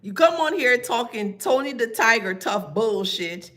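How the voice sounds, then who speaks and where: Slow, sassy woman tarot reader. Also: a little high, lively intonation, sharp tone. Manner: sassy, laughs often, drawn-out emphatic delivery. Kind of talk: live tarot reading with chat.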